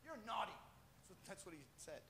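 A male pastor preaching an animated sermon, acting out Bible scenes and joking with the congregation. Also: sits high, creaky. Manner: animated, acts out the Bible scenes in quick voices and shouts; jokes with the congregation.

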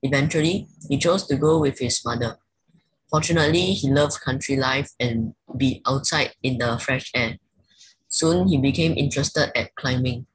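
Casting: student reading aloud, hesitant, husky and very dry close sound. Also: mid-range voice, dry recording, low-quality recording. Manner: halting, self-correcting.

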